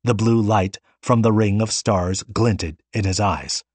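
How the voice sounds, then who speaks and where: Low, husky male audiobook narrator. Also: slow, a little mellow, no room sound.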